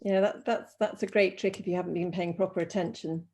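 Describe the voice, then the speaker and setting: Low, mellow-voiced woman chatting. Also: fairly even intonation, a little fast. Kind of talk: casual pre-webinar chat. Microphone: video call.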